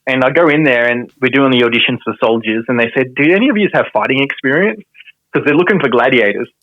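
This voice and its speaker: A man's voice: mid-range voice, lively intonation, quick pace, no echo, muffled recording. An Australian man, a pro wrestler on a podcast, telling a story casually, laughing often and swearing mildly.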